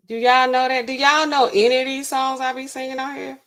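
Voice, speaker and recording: Woman host, casual livestream chat, sassy and talkative, bright tone. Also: high-pitched, flat delivery, brisk, few pauses. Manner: chatty, sassy, talks to chat, laughs incredulously.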